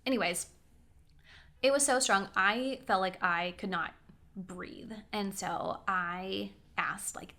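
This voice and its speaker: A young woman chats straight to camera with a bright, clear voice. She tells personal stories in an animated way. She keeps breaking off for asides and acts out what people said. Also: mid-range voice, slow. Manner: chatty, animated storytelling with quoted voices and asides. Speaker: vlogger. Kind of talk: casual storytelling.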